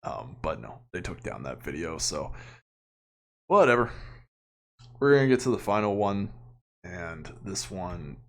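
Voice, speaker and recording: A man's voice: deep voice, big pitch swings, measured pace, vocal fry, pauses often. A man hosting a reaction channel, talking casually and opinionatedly with frequent chuckles. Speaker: commentary channel host.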